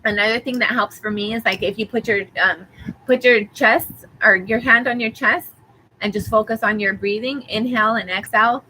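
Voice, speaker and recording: A woman giving a tarot reading, calmly reassuring the listener with affirmations and rambling a little as she talks. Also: a little high, moderate pace, slight background noise, poor audio. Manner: rambling, with fillers and restarts. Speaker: tarot reader. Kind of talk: live tarot reading for a viewer.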